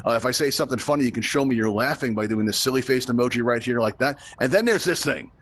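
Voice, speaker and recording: A man's voice: medium pitch, quick pace, husky. A man from Brooklyn hosting a live virtual reality tutorial. He is chatty and joking, and often checks in with the audience by asking "right?". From Brooklyn, United States. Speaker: virtual reality event host and instructor.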